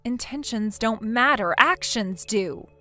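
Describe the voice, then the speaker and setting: A stern, lecturing young woman, as a synthetic voice puts her on, blunt and fed up with her friend's excuses. Her voice sits a little high and swings widely in pitch. Soft music plays faintly underneath the text-message story. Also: lively intonation, slow, heavily acted. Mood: scolding. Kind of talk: text-to-speech text story narration.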